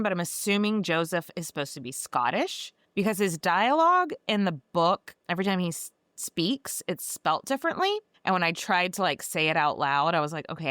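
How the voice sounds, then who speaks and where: A woman's voice: on the low side, fairly bright tone, no room sound, clean studio sound. A woman podcast host giving a casual, sarcastic and profane recap of a book.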